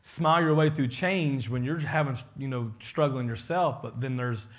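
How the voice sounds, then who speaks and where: A man's voice: medium pitch, moderate pace. A man, a pastor giving a casual, joking leadership talk to his congregation and acting out the people he quotes.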